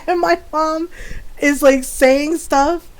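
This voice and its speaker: A woman livestreamer chatting casually while gaming, telling an animated family story and laughing often. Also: high voice, takes it slowly, poor audio.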